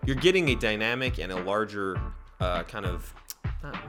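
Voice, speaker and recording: A young man hosting a solo sports podcast, rambling, correcting himself often and jumping up in pitch when excited. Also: moderate pace, over music. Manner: rambling, self-correcting, animated with pitch jumps.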